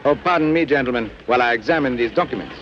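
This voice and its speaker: An actor playing a dutiful police inspector, formal, precise and polite. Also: male voice, mid-range voice, very fast, close to an everyday voice. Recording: dull lo-fi film soundtrack with engine noise.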